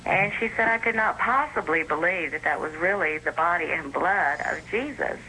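A woman in her forties calls in to a radio program. Her voice is bright, with a slightly low pitch and a little faint noise on the line. She recounts a dispute earnestly and step by step. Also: moderate pace, low-quality recording. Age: 40s. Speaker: caller. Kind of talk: telling her story on call-in radio.

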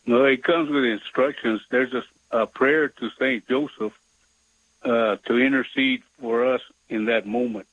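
A man's voice: mid-range voice, fairly even intonation, a little slow, fairly bright tone, dry recording. Earnest man on a tinny phone line. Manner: hesitant, earnest, with many fillers. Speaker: caller. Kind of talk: call-in radio question.

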